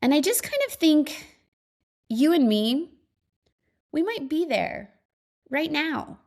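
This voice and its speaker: A woman in her thirties talks on her own podcast, chatty and earnest, full of "like" and "you know" and little laughs. Her voice sits a bit high for a woman. She sounds upbeat and reflective, as if thinking aloud to friends. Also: big pitch swings, takes it slowly, a little mellow. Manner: chatty, upbeat, laughs often, many fillers. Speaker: podcast host. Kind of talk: casual solo monologue.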